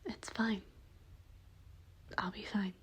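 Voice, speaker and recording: A woman voicing a young man who calmly insists on sacrificing himself, in a hushed, gentle whispered role-play. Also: fairly low pitch, normal speed, a little hiss or hum, lightly acted. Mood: reassuring.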